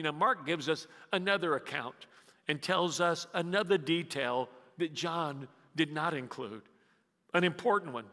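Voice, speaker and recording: A man preaching a sermon as pastor, telling the story dramatically, dropping from loud emphasis to hushed near-whispers and drawing the congregation into call-and-response. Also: on the high side, measured pace. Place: church sanctuary. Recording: long reverb of a church hall.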